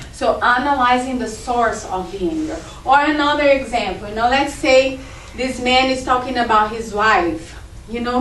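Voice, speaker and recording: A middle-aged woman with a high voice gives an informal talk at a group meeting. She is conversational and acts out examples as she explains. The mic sits far off in a reverberant room with faint background ambience. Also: normal speed, a bit bright, a little hiss or hum. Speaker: speaker at a spiritist group. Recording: roomy echo, distant mic.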